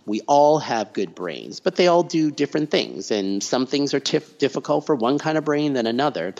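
Middle-aged male guest, mid-range voice, lively anecdotal delivery with acted-out quotes, dull lo-fi audio. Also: medium pitch. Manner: animated storyteller acting out quoted voices. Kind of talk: conversational interview. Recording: dull, slightly lo-fi recording.

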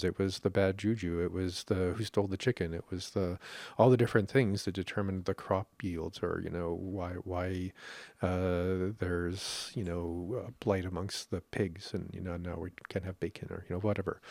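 Guy from canada, kinda low voice, rambles n laughs a lot on a podcast, dry mic. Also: a little mellow, dry recording. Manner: rambling, laughs often, many restarts. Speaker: podcast host. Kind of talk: casual conversational podcast talk.

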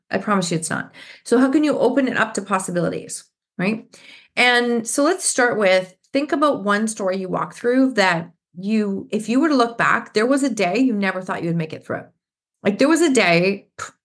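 A middle-aged woman hosts a motivational podcast alone. She talks to her listeners directly and earnestly, as a coach would. Her voice sits at an ordinary middle pitch for a woman. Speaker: podcast host. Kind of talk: motivational solo podcast talk.

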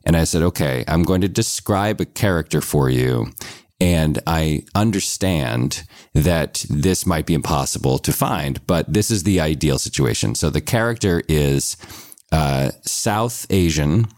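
Deep-voiced man telling stories. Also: animated, measured pace, a little mellow, no echo, studio quality. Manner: chatty storytelling with frequent restarts. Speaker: guest, TV writer and producer. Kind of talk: casual podcast conversation.

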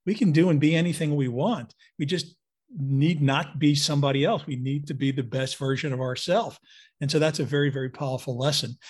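A man hosting an interview, speaking admiringly and reflectively before asking his question. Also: on the high side. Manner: admiring, reflective, effusive praise. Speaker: interview host. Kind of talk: casual conversational interview.

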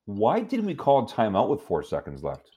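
A man's voice: lowish voice, wildly swooping pitch, normal speed, crowd noise. A man co-hosting a sports chat, telling exasperated stories with lots of fillers. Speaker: podcast co-host.

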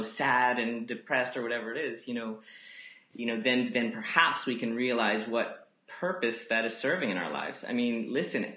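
A man talks in a gentle, musing way, scattering "you know" through his thoughts as a podcast guest. His voice is bright and forward. The room around him is echoey. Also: mid-range voice. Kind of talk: reflective casual conversation.

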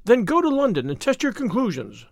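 A man voicing a sharp, impatient young woman who speaks in a pointed, brisk way, in an audiobook. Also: very high voice, huge pitch swings, dry recording, pitched above the performer's own voice, full character voice.

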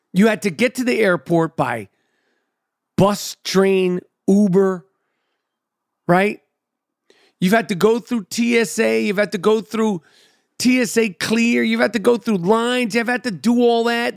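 A man's voice: sits high, no echo, studio quality. A man hosting a podcast who delivers a profane, exasperated comedic rant with emphatic, swearing rhythms. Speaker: podcast host.

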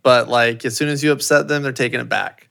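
A man with a gravelly, creaky voice talks in a relaxed, casual way as a podcast guest. He hesitates with fillers, then presses his points with rising emphasis. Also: mid-range voice, a little fast. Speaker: company head, podcast guest. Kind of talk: casual chat.

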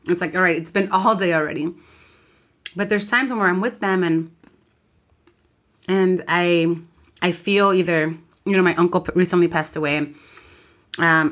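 A woman, co-hosting a podcast, talking candidly and animatedly while switching between English and Spanish. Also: lowish voice. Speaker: podcast co-host. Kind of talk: casual chat.

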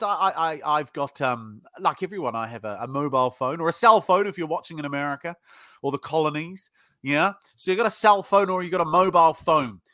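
British guy, blunt and sweary, high bright voice, chatty sales stories. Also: no room sound, studio quality. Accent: British English. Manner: blunt, swears freely, animated storyteller. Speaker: sales trainer guest. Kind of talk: casual podcast interview.

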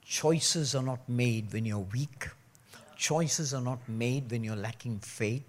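A man preaching a sermon, joking and mimicking people, then dropping to a low, earnest tone. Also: slow pace. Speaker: pastor.

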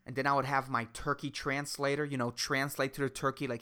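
A woman hosting a solo podcast, ranting sarcastically and swearing often, jumping between loud outbursts and low mutters. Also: flat delivery, a little fast, hardly any pauses, smooth. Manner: profane, rambling and sarcastic, says dude a lot. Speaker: podcast host.

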